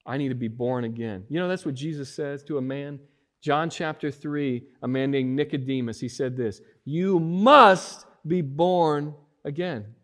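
A man preaching a sermon as pastor, with emphatic rises and drawn-out stressed words. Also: medium pitch, darkish tone.

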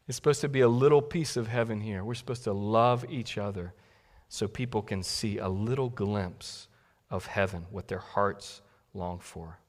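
A man's voice: lowish voice, a little slow, pauses often. Man preaching in a reverberant sanctuary. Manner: conversational, warm asides, rising to emphatic peaks. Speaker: pastor. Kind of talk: sermon.

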